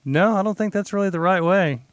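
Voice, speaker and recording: A man's voice: sits high, a little fast, smooth, no echo. Man podcast host, dry close sound, jokey, heavy on fillers, keeps asking questions. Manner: joking, filler-heavy, asks lots of questions. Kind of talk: casual podcast chat.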